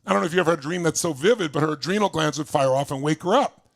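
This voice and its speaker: Older male motivational speaker with a raspy edge, lively and audience-engaging. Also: fairly high pitch, racing. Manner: animated, asks the audience questions, laughs often. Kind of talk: storytelling seminar talk.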